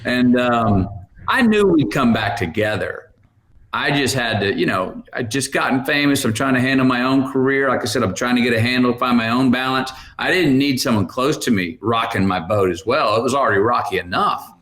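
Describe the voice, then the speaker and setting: A man's voice: medium pitch, moderate pace. A man in his fifties tells stories as a podcast guest. His voice rises and falls a great deal as he quotes people and laughs through his lines. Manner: animated storyteller, acts out quoted voices, laughs often. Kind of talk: storytelling in a podcast interview.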